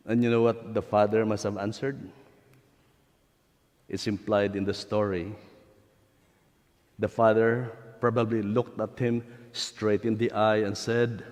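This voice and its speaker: A man, a priest, giving a sermon and retelling a story in an unhurried way, pausing with fillers. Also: fairly low pitch, little pitch movement, darkish tone. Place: church. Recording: long church reverb.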